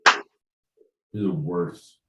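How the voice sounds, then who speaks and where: A man's voice: low-pitched, steady tone, slow, sharp tone, slight background noise. A man co-hosting a podcast livestream, exasperated and swearing as he mocks his partner. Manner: exasperated, cursing, mocking. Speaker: podcast co-host. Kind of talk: profane casual banter on a livestream. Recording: echoey room, far from mic.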